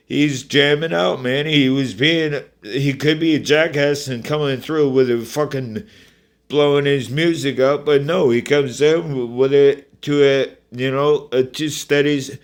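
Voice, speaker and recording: A man talks slowly and at an unhurried drawl in a middle-pitched voice, telling his side in a rambling vlog rant. He swears constantly, breaks off to restart sentences and turns to address the people he blames. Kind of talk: angry personal rant.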